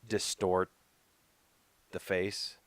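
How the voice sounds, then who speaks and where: A man's voice: low voice, flat delivery, extremely slow, a bit bright, dry recording. A young man co-hosting a podcast, chatting casually and rambling with lots of "like" fillers. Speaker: podcast co-host. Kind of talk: casual chat.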